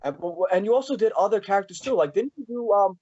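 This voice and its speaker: A man hosting a casual fan interview, talking in a rambling, halting way with many restarts. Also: high voice, expressive, a little mellow, husky, no echo, muffled recording. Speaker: podcast host.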